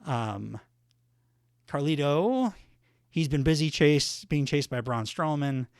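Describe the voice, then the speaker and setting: A man's voice: fairly high pitch, lively intonation, slow pace, long pauses, a little mellow, clean tone, no echo, clean studio sound. A man hosting a solo podcast in a casual recap style, rambling with lots of fillers and self-corrections. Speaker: podcast host.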